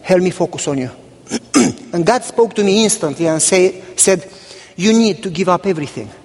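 A man's voice: high voice, animated, moderate pace, darkish tone. A male pastor delivering a sermon, telling humorous stories and acting out conversations with God and a church member. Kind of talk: sermon with storytelling. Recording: long hall reverb.

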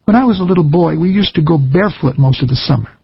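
Husky-voiced preacher, earnest and measured. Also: male voice, on the high side, expressive, dry recording, muffled recording. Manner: earnest, measured, folksy storytelling. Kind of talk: recorded sermon.

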